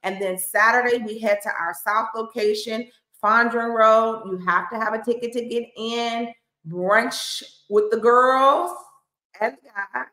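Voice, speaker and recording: A woman's voice: on the high side, fairly even intonation, measured pace, sharp tone, echoey room. A woman pastor, talking to viewers in a playful, chatty, hyped-up way. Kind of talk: hyped livestream announcement.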